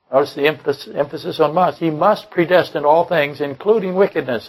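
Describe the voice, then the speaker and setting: A man's voice: a little high, brisk, few pauses, husky, low-quality recording. An older man preaching a sermon, blunt and combative, often repeating and restarting his phrases. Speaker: pastor. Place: church service.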